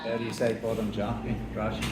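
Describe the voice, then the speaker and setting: A man's voice: lowish voice, completely flat delivery, fairly quick, very noisy. A man with an Australian accent chatting casually to camera in a vlog, blunt and slangy, swearing freely. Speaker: vlogger.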